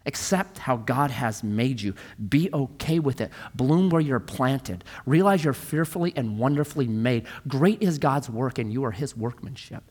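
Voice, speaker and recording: A male pastor preaching a sermon emphatically, moving between loud pushes and quiet, low lines. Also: expressive, moderate pace, few pauses, husky. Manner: emphatic, swings from loud to hushed.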